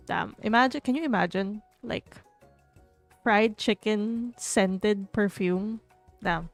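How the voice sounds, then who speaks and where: A woman's voice: medium pitch, slow, creaky, soft background music. A young woman streamer playing a dating game aloud, reading the narration with playful, jokey asides.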